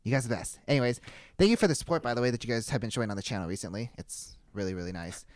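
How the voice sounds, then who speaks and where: A man's voice: mid-range voice, rapid-fire, darkish tone, dry recording, studio quality. A young man hosting a casual podcast, telling a story in loose rambling bursts and laughing often. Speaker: podcast host.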